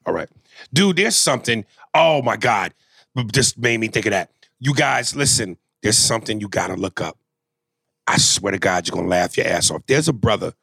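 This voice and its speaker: A man's voice: lowish voice, expressive, moderate pace, creaky, pushed and bright, breathy edge, dry recording, studio quality. A man co-hosting a casual podcast chat, joking loosely and swearing freely. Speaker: podcast co-host.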